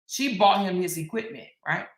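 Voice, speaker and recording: A woman's voice: lowish voice, expressive, normal speed, echoey room, poor audio. A woman hosting an opinionated commentary monologue, emphatic and repetitive, often checking in with "right?". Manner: emphatic, repeats phrases, frequent "right?". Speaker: commentary host.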